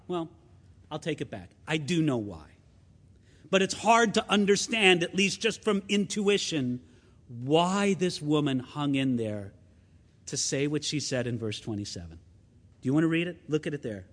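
A man preaching a sermon as pastor, conversational and expressive, asking his listeners rhetorical questions. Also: fairly high pitch, unhurried, long reverb tail.

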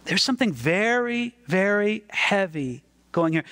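High, animated preaching man. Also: unhurried, dry recording. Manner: emphatic, earnest, repeats words when stressing a point. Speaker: pastor. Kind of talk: sermon.

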